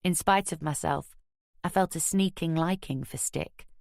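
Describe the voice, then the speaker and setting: A woman narrating a crime audiobook in the first person, measured and wry, recorded close on a studio mic. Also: low voice, gravelly, darkish tone, no echo.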